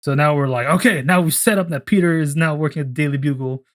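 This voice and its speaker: A young man talking loosely on a casual podcast, his thoughts running on in a loose ramble. He swears freely and slips into quick voices for characters as he pitches a story. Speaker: podcast co-host.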